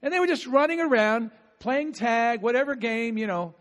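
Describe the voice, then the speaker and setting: High-voiced animated preacher. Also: male voice, normal speed. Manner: animated, talkative, with bursts of laughter and call-and-response. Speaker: pastor. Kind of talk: sermon. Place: outdoor gathering with insects audible. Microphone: no microphone at times.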